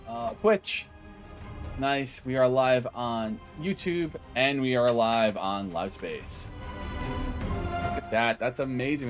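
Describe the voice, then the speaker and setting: A man streaming casually, rambling cheerfully, greeting viewers by name and joking at his own expense. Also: medium pitch. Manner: self-deprecating, loses his train of thought. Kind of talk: casual live-stream chat.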